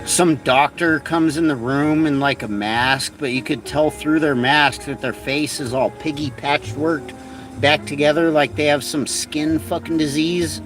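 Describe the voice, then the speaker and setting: A man's voice: on the high side, steady tone, measured pace, fairly bright tone. A man hosting a livestream, delivering a rambling, profane, mocking satirical rant. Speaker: livestream host. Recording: distant from mic, faint music.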